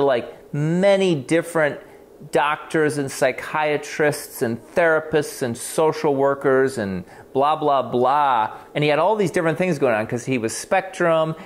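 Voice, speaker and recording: A male clinician with a somewhat high voice tells a case story in a loose, conversational way. He is animated, swears freely and often breaks off to restart his sentences. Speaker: clinician on a talk show.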